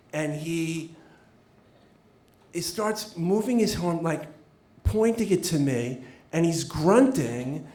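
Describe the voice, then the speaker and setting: Earnest male storyteller, halting delivery. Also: on the high side, a little mellow. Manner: earnest, halting, re-enacting dialogue. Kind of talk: live personal storytelling on stage. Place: theater stage before an audience. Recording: roomy live venue sound.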